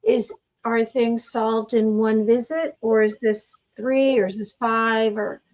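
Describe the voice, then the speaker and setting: Female co-host, higher voice, dull muffled recording, questioning. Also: steady tone, slow pace, a little mellow. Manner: asks questions with several options. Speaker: podcast co-host. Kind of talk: interviewing a guest.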